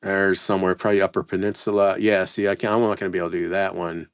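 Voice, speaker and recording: A man's voice: low voice, little pitch movement, very fast, clear, resonant tone, dry recording, studio quality. A man running a casual live sales stream, reading out place names and stumbling over how to say them, self-mocking. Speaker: live-stream postcard seller.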